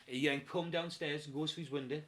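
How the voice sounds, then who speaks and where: Brief: young man, fast, animated storyteller, slightly high voice, faint hiss. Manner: animated, acts out voices in anecdotes, swears freely. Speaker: podcast guest. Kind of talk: casual storytelling chat.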